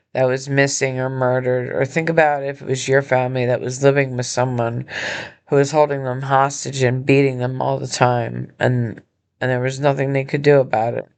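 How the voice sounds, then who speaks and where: Injured woman host, emotional and earnest, halting delivery, in a hospital room. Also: extremely low pitch, steady tone. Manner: earnest, halting, with many pauses and restarts. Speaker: podcast host and nonprofit founder. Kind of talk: personal appeal monologue.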